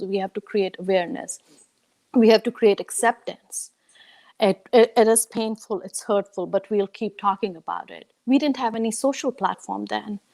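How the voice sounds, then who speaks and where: Impassioned woman from Kashmir, halting speech. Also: medium pitch. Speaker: conference panelist. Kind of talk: emotional personal testimony. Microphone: video call.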